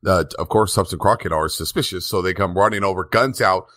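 A man co-hosting a podcast, briskly retelling a TV episode in casual chat and laughing often. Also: deep voice, fairly bright tone, dry recording. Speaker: podcast co-host.

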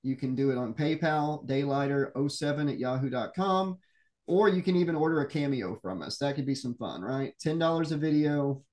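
A man's voice: medium pitch, moderate pace, a little mellow. A man co-hosting a casual horror podcast, joking and easygoing while plugging support links. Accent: regional accent. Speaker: co-host.

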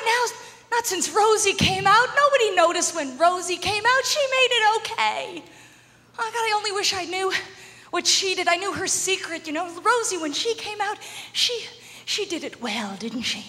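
A woman from Canada doing a stand-up comedy set, animated and laughing often as she acts out little voices. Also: very high voice, normal speed. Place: comedy club stage before a live audience. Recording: live hall recording with crowd noise.

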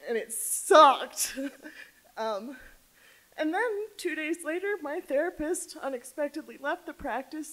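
A woman in her thirties telling a personal story on a theater stage, candid and emotional, dropping to a hush and rising loud by turns. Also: high voice, rough recording. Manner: candid, swings between hushed and loud emotional delivery. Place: theater stage before an audience.

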